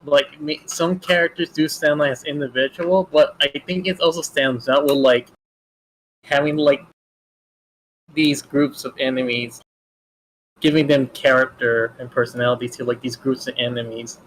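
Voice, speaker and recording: A man's voice: mid-range voice, steady tone, normal speed, a bit bright, rough recording. A man in a casual podcast chat, explaining loosely with many fillers.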